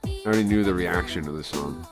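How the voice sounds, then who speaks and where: A man's voice: deep voice, quick pace. A young man streaming live, ranting casually and heatedly with lots of swearing, rambling and restarting his sentences. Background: faint music.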